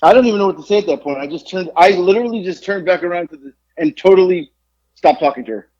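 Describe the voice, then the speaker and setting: A man's voice: fast, dull audio. A man co-hosting a podcast, telling a story in casual chat and acting out the people in it with big jumps in his voice. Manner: animated storyteller, acts out quotes with big pitch jumps. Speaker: podcast co-host.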